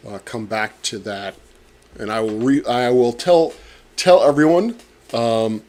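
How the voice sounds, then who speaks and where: A man and astronomy professor narrating his data work on a live stream, muttering and halting with many fillers, his words muffled by a pen in his mouth. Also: medium pitch, expressive, darkish tone. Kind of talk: casual live-stream narration while working.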